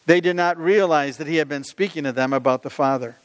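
A man's voice: on the high side, a little fast, hardly any pauses. Guy preaching, chatty, reads scripture, long reverb tail like a big hall. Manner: conversational, asks the listeners questions. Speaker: pastor. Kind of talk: sermon with scripture reading.

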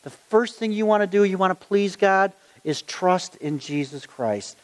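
A man's voice: high-pitched, lively intonation, moderate pace. A middle-aged man preaching a sermon, earnest and conversational as he tells stories from his own life. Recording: long hall reverb.

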